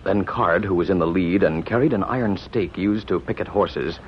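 A man's voice: low-pitched, moderate pace, slight background noise. A man giving scripted dramatic narration in an urgent, declamatory way, on a muffled vintage radio recording.

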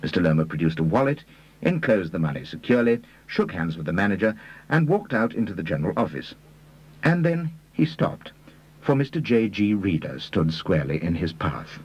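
A male narrator with a very low, husky voice reading a story. His delivery is measured, yet his pitch rises and falls in lively sweeps. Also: dull audio. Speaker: audiobook reader. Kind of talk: scripted narration.

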